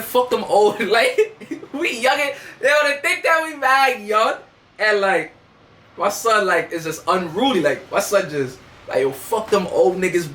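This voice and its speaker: New guy telling a story to camera, slangy, says you feel me a lot, kinda high voice. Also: fairly bright tone, a little hiss or hum. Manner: streetwise, slangy, repeats fillers. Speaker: vlogger. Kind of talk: casual storytelling.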